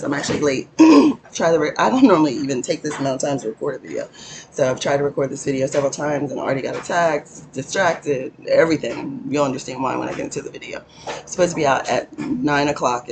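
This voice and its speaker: A woman hosting her own channel, giving a rambling spiritual teaching in a hoarse morning voice from a cold room, often stopping to thank the Holy Spirit. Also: extremely low pitch, fast talker, noisy background. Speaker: channel host.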